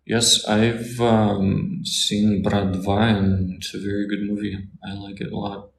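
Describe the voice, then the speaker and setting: A man with a Russian accent teaches in a slow, unhurried way and repeats each Russian word for his listeners. His voice sits very low and flat, with a gravelly edge. He is recorded in an echoey room with faint noise behind him. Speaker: Russian tutor. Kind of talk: casual Q&A lesson.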